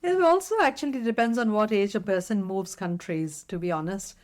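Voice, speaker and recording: A woman's voice: mid-range voice, fairly quick. Earnest middle-aged woman from India. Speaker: podcast co-host. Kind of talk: casual chat.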